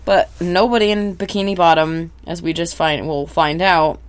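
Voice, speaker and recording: A woman's voice: on the low side, fairly even intonation, normal speed, clean tone. A woman co-hosting a podcast, animatedly retelling a cartoon episode and acting out the characters' lines. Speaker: podcast co-host. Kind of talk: casual recap chat.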